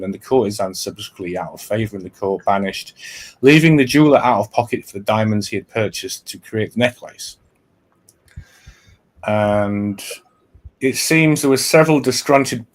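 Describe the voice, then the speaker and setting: A male podcast host explaining a historical plot in casual talk. He reads from notes and keeps stopping to restart and correct himself. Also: fairly low pitch.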